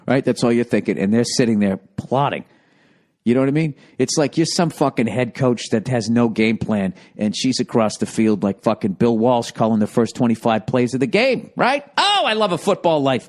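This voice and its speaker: A man hosting a podcast, telling profane, rambling stories in a casual monologue. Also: fairly low pitch. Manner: profane, rambling, animated storytelling. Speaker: podcast host.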